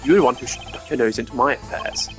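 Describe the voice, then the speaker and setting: A man doing a calm, formal prosecutor. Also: mid-range voice, close to an everyday voice. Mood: composed. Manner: measured, formal. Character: composed male prosecutor, formal. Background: game music.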